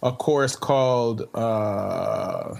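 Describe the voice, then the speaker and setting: A man with a Jamaican accent, a podcast guest in casual chat, animated and full of restarts. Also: fairly low pitch, very slow, creaky. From Canada.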